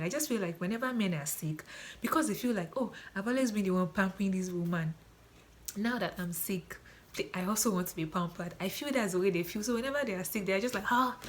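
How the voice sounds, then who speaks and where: A woman's voice: mid-range voice, slight background noise. Earnest woman repeating advice for emphasis. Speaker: relationship advice vlogger. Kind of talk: casual advice talk to camera.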